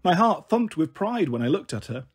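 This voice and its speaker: Husky high-voiced male storyteller. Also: sing-song, moderate pace. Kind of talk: storybook reading.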